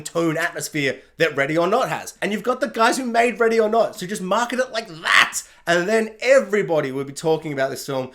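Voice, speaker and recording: A man's voice: a little high, a bit bright. A man ranting animatedly in a solo video film review, exasperated and self-mocking, often laughing at himself. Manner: laughs at himself mid-rant.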